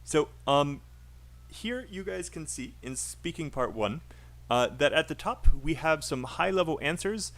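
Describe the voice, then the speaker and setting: A man's voice: a little high, lively intonation, unhurried, a bit bright. A man teaching a live online English speaking class, patiently coaching a student's pronunciation.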